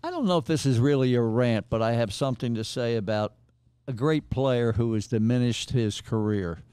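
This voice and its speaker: Mellow smooth-voiced man giving a sports rant. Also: medium pitch, moderate pace, no echo. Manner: plainspoken, blunt. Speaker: podcast regular, nicknamed coach.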